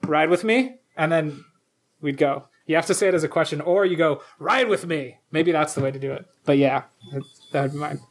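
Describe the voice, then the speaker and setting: Guy w a higher voice on a podcast, chatty, acts out quotes. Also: quick pace. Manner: animated, acts out quoted lines. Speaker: podcast co-host. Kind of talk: casual chat.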